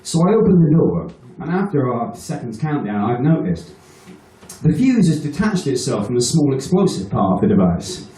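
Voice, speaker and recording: A man's voice: mid-range voice, sing-song, normal speed, warm tone. A man doing a stand-up set, telling a rambling, crude story, swearing often and laughing at his own jokes. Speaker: stand-up comedian. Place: live venue with an audience. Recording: echoey room, mic heard from a distance.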